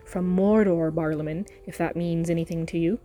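A woman voicing a grim, watchful male ranger who speaks low and measured. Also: fairly even intonation, mellow, lightly acted. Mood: grave.

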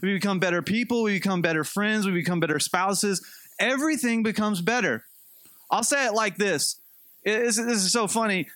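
A man's voice: high voice, moderate pace, fairly bright tone, dry recording. A man preaching a sermon in a conversational, storytelling way with light humor. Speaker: pastor.

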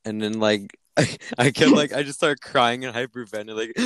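A man's voice: medium pitch, a bit bright, no room sound. A young man on a casual podcast, joking around and laughing as he tells a story. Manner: joking, teasing, laughs a lot. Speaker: podcast co-host. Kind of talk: casual chat.

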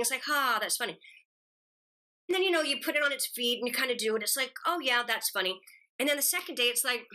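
A middle-aged woman chatting as an interview guest, her voice bright and somewhat high. She tells stories with animated energy, slipping into the quoted voices of the people in them. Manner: animated storyteller acting out quotes. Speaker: guest actress. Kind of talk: casual interview chat.

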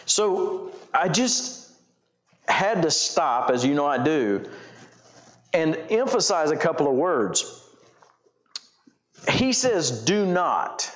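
A man's voice: on the high side, very animated, slow, pauses often. Middle-aged male preacher, casual country sermon, rambling, emphatic. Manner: folksy, rambling, self-correcting, emphatic. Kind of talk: informal sermon.

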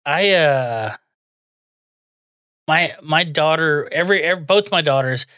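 A man's voice: on the high side, slow, pushed and bright, clean tone, no echo. A man co-hosting a podcast, trading crude jokes full of swearing and laughing a lot. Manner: profane, joking, laughs often. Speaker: podcast co-host. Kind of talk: casual crude podcast banter.

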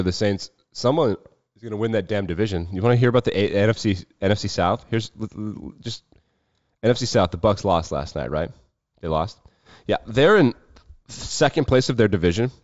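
A man hosting a casual solo sports talk show, profane and wry with quick asides. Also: on the low side, darkish tone, no echo, dull audio. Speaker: sports betting show host.

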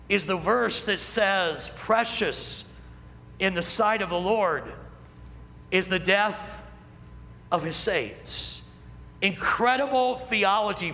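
A man preaching a sermon as pastor, building emphasis and slowing down on key lines. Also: high-pitched, sharp tone. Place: church sanctuary. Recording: hall reverb, faint ambience.

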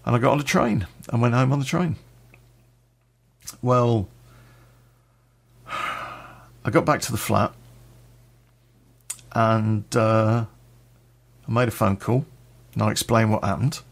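A man's voice: mid-range voice, takes it slowly, creaky, pauses often. A man telling a personal story in a blunt, sweary way, with a laugh now and then.

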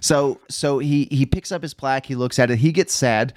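A man's voice: mid-range voice, normal speed, no room sound. A man recapping a movie in casual podcast chat, rambling and sarcastic, with lots of fillers.

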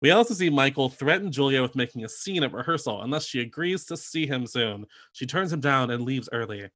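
A man's voice: mid-range voice, animated, fairly quick, fairly bright tone. A man co-hosting a podcast, chatting casually and laughing as he recaps a TV episode with mocking impressions. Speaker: podcast co-host.

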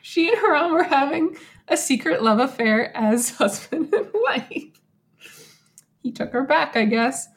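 A woman casually retelling a true story to a co-host, animated and acting out quotes in little voices. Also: sits high, a little slow. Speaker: podcast host.

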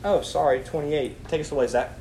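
Heard in an echoey room with slight background noise, a young student Bible study leader preaches animatedly, reads passages of scripture and asks the group questions. His fairly high voice is mellow, with fairly even intonation and a fairly quick pace.

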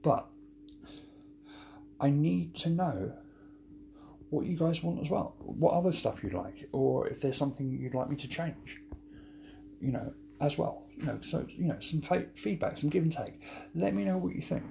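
A man hosting a podcast, signing off in a rambling, halting way that keeps repeating words. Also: on the high side, expressive, creaky, mellow, a little hiss or hum. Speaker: podcast host. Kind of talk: casual podcast sign-off.

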